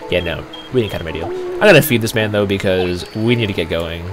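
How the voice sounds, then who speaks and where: A man's voice: deep voice, fast, over music. A young Canadian man hosting a let's play, telling rambling stories in casual, laid-back commentary.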